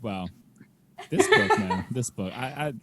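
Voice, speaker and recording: Man, podcast host, casual chat, lively swooping voice, clear background noise. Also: mid-range voice, slow. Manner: animated, laughing storyteller.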